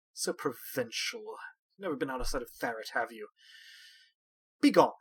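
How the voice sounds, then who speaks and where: A man's voice: mid-range voice, expressive, measured pace, breathy edge. A man voicing a haughty, petulant young nobleman who talks in a snooty, sneering way.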